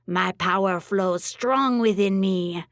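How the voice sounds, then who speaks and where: A woman voices a steady, protective heroine in an audiobook drama. She speaks firmly and slowly, without rush. The sound is dry and close. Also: mid-range voice, no echo. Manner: firm, resolute.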